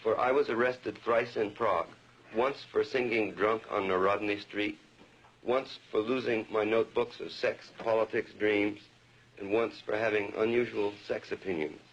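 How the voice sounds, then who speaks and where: A man's voice: lowish voice, steady tone, moderate pace. A poet reading his own poem aloud in an incantatory, rhythmic way, leaning into repeated lines. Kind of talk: poetry reading. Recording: dull lo-fi archival recording.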